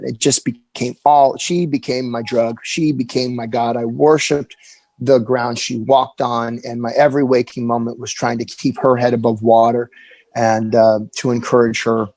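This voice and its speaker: A man in his forties telling a candid personal story as an interview guest, earnest and halting, often restarting his sentences. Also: mid-range voice, level tone, a little mellow, no echo, rough recording.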